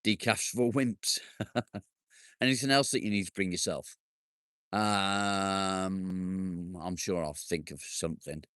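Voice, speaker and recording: Low-voiced man chatting on a live stream. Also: takes it slowly, pauses often, a bit bright, clear, resonant tone, no room sound, studio quality. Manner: jokey, bantering, swears casually. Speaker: livestream host. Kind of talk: casual live-stream chat answering viewer comments. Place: outdoors in his garden with his dog.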